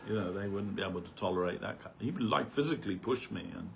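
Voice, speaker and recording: A man's voice: fairly low pitch, animated, fast talker, creaky, a little hiss or hum. A man giving an informal spiritual talk at a temple gathering, rambling conversationally and peppering his stories with "you know".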